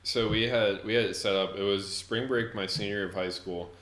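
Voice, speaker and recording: A man's voice: lowish voice, steady tone, brisk, a bit bright. A young man in his twenties telling a long, rambling story in casual chat, full of "like". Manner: rambling storyteller, heavy filler "like". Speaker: podcast co-host.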